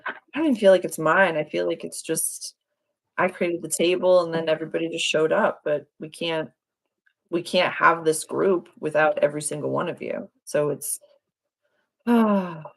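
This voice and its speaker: A woman's voice: sits low, steady tone, normal speed, gravelly. A woman hosting a casual astrology livestream, effusive and gushing, often repeating her words. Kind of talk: casual live-stream chat.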